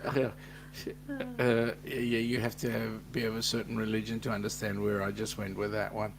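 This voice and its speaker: A man's voice: on the low side, completely flat delivery, moderate pace, gravelly, background noise. A man with an Australian accent co-hosting a casual livestream chat, reading out viewer comments with a joking, teasing manner.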